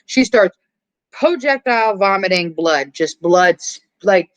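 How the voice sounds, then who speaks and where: A podcast host recapping a horror film in casual chat, animated and profane, with lots of filler words and acted-out bits of dialogue. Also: mid-range voice, dry recording. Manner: acts out characters' lines in quick asides.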